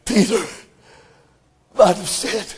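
An impassioned male preacher delivers a sermon in a very high, strained voice. He takes his time, stretching his phrases slowly. His voice breaks with emotion as he builds in bursts.

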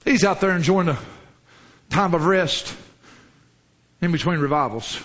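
A man preaching a sermon with fervour, rising into shouts and dropping to low, quiet lines. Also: measured pace, lo-fi sound. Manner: fervent preaching, swinging from shouts to low murmurs.

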